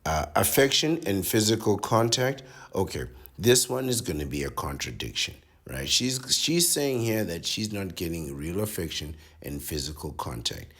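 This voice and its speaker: A man's voice: deep voice, sing-song, moderate pace, few pauses, fairly bright tone. A man reading out an article and reacting to it with sardonic commentary, lecturing his listeners and often adding "right?".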